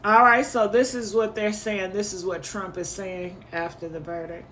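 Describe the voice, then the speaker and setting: A woman's voice: mid-range voice, level tone, moderate pace, fairly bright tone, slight background noise. A woman hosting a commentary channel, reacting to clips in an indignant, emphatic way and repeating her points.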